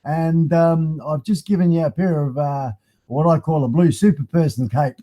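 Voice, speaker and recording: High-voiced Australian man hosting a live stream. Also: moderate pace, mellow. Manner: matey and chatty, greeting viewers by name. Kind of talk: casual live-stream chat. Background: faint music.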